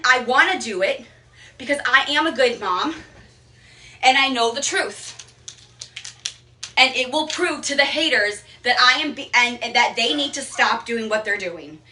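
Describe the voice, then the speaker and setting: A woman's voice: high voice, lively intonation, unhurried, pushed and bright. A young adult woman livestreaming from home, rambling, defensive and repetitive. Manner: rambling, repeating herself, defensive. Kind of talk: emotional livestream rant. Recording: echoey room, mic held off at a distance.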